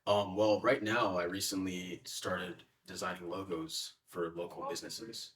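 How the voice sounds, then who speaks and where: A man's voice: sits low, flat delivery, measured pace, fairly bright tone, distant mic. A young man answering interview questions in a casual, hesitant way with many fillers. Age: young adult.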